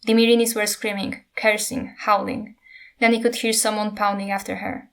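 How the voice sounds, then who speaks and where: A woman reads a fantasy novel aloud, steady and unhurried. Her pitch sits in a middle range and barely moves, giving the passage a flat, even telling. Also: gravelly. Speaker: narrator.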